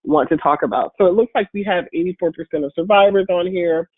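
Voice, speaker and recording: A woman with a deep voice, congested and a bit hoarse from a cold, giving an upbeat, encouraging webinar talk as a guest speaker. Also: fast, dry recording. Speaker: guest speaker and patient advocate. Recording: phone-like online call audio.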